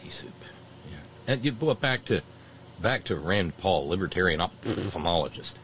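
Man, talk show host, sarcastic, mocking, lowish voice, faint background hiss. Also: expressive, normal speed, fairly bright tone. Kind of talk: opinionated commentary reading listener messages.

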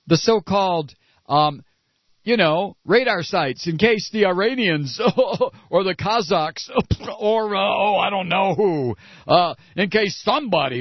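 A man's voice: high-pitched, no echo, dull audio. A man hosting a talk radio show, ranting with sarcasm and indignation and mocking the people he talks about. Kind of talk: ranting political commentary.

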